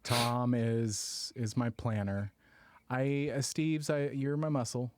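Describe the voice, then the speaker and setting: A man with a middle-pitched voice dropping wry comments into podcast banter. The recording is dry and close. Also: flat delivery, takes it slowly, a little mellow, no room sound. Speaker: podcast co-host. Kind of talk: casual banter.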